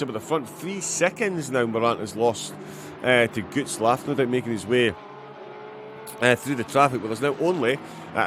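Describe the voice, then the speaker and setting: Brief: Scottish male race commentator, live and filler-heavy, excited by crashes, mid-range voice, slight background noise. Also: medium pitch. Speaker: sim racing commentator.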